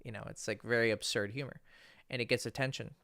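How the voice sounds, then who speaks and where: A man's voice: mid-range voice, fairly even intonation, fast, creaky, sharp tone, dry recording. A man hosting a casual livestream Q&A from home as a dating coach, talking loosely and profanely and explaining with examples and stories.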